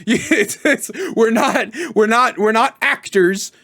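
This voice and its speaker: A man giving tabletop role-playing tips in a casual tutorial vlog, energetic and chatty, with offhand swearing. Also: high voice, slow, vocal fry, hardly any pauses. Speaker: tabletop gaming content creator.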